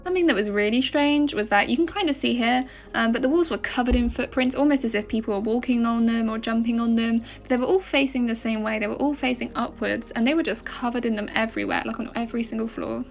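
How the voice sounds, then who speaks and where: A woman's voice: on the high side, fast, hardly any pauses, soft background music. A young woman narrating a walkthrough of a place in a casual voice-over, with many fillers and restarts. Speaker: travel vlogger.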